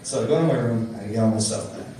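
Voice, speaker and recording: A young man doing a stand-up comedy set, telling stories with animated, exasperated voices for the people in them. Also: on the low side, very fast, very echoey, far from the mic, a crowd in the background. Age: young adult. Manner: animated storytelling, loud exasperated character bits. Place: comedy club stage.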